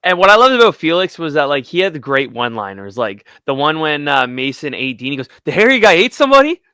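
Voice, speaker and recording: Bright-voiced young man hosting. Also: medium pitch, lively intonation, fast, smooth, dry recording, studio quality. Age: 20s. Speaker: podcast host. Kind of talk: casual interview chat.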